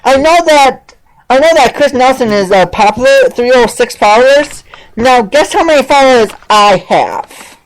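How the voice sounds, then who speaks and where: Reacting to a played clip, an online talk show host mocks a rival in sarcastic, exclamatory commentary. She speaks at a moderate pace in a high-pitched, expressive voice, on a low-quality recording.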